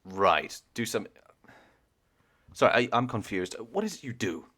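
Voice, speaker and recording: Curt, impatient wizard with clipped questions, voiced by a low-voiced man, heard over a video call. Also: sing-song, unhurried, a bit bright, slightly rough, full character voice. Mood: puzzled.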